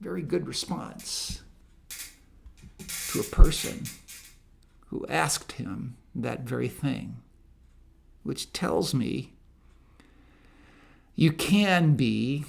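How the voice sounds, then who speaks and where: A man delivers a ministry monologue at an unhurried pace. His voice has a gravelly, fried edge, and he pushes up into loud, emphatic preaching. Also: mid-range voice, animated. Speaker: ministry speaker.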